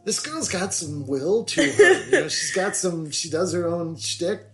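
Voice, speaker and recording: A man's voice: high-pitched, sing-song, a little slow, fairly bright tone. A middle-aged man, guest on his daughter's podcast, telling family stories in a rambling, self-deprecating way with many restarts. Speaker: podcast guest, the host's father. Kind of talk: casual storytelling chat.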